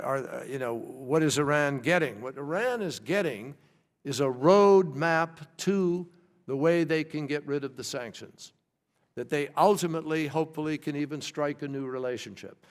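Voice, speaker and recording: A government official with a slightly high voice gives formal testimony in a large hearing room, answering questions. He is measured, pausing often with hesitations and restarts, and the large hall adds long reverb.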